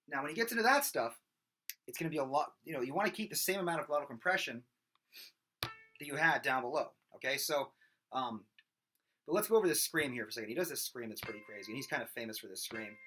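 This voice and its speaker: Bright-voiced male vocal coach talking loosely. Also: mid-range voice, expressive, fast, slight background noise. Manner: loose, rambling explanations broken by loud belted and screamed sung examples. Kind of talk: casual singing lesson with sung demonstrations.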